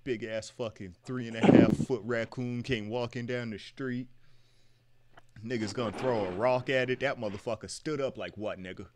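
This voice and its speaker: A man's voice: medium pitch, steady tone, normal speed, very noisy. A young man chatting casually as a co-host, telling loose stories with plenty of swearing and laughter. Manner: laid-back storyteller, heavy swearing, laughs often. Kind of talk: casual chat.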